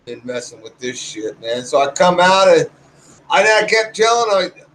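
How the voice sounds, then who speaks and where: Brief: high-pitched guy ranting to his channel, swears freely, rambles. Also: very animated, normal speed, fairly bright tone, slight background noise, poor audio. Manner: rambling, profane, restarts sentences. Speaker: YouTuber. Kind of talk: casual rant to viewers.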